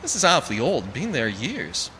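Guy putting on a blustery broke street hustler santa, lively swooping voice, long echo. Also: medium pitch, moderate pace, slight background noise. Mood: glum. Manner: blustering, wheedling, street slang. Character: gruff down-and-out man working as hired Santa. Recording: long reverb with faint music.

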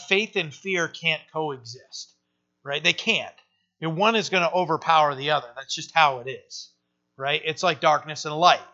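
Bright and forceful, this fairly high male voice preaches a conversational sermon to a church. Rhetorical questions come often, as does the word "right?", and the audio is a dull lo-fi sermon recording.

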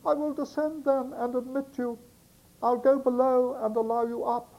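A man putting on a high-voiced coy young maiden. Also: little pitch movement, normal speed, highs cut off. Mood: coy alarm. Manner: high, put-on girlish voice.

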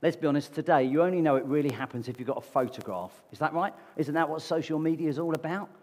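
Husky male preacher in a reverberant hall. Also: a little high, fast talker, darkish tone. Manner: conversational, asks the congregation rhetorical questions. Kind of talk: sermon. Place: church meeting hall. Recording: long reverb of a large hall.

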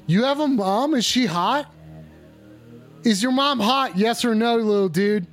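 A man's voice: very high-pitched, unhurried, soft background music. A man hosting a mock call-in show, talking in a brash, profane, mocking way. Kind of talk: crude comedic streaming banter.

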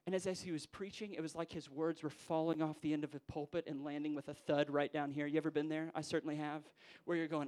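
A man preaching a sermon in a church, moving from hushed, quiet passages to rousing, emphatic ones. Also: on the high side, flat delivery, fast talker, few pauses. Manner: builds from hushed to rousing, voices quoted figures.

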